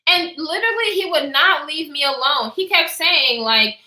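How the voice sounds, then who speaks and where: A woman's voice: high voice, normal speed, reverberant. A young woman vlogger casually telling a story time, acting out what people said and laughing often. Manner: animated, acts out quotes, reads live chat, laughs often.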